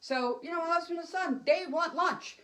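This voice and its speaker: A woman's voice: very high-pitched, moderate pace, a bit bright. A middle-aged woman doing solo stand-up to camera at home, rambling and emotional, jumping between topics. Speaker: stand-up comic. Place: home, alone.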